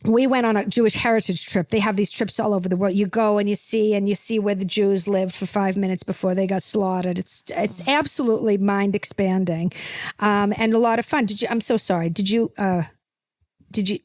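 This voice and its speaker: A woman's voice: mid-range voice, fairly even intonation, fairly quick, darkish tone, no echo, clean studio sound. A woman hosting a comedic podcast, rambling and gossipy, tacking "okay?" onto her points. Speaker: podcast host.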